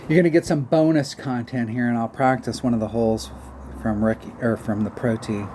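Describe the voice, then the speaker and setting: Speaking a little fast at medium pitch, a man mocks himself while rambling casually about a mobile golf game and humming short tunes. The recording carries audible background noise.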